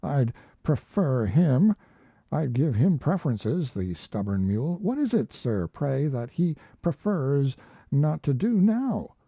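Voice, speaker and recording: Man putting on a sour, snappish young clerk, raised voice, slow irritated stress, lo-fi storybook read. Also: medium pitch, big pitch swings, dry recording, pitched above the performer's own voice, full character voice. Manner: snappish, exasperated. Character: sour irritable young male law copyist. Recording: dull lo-fi recording.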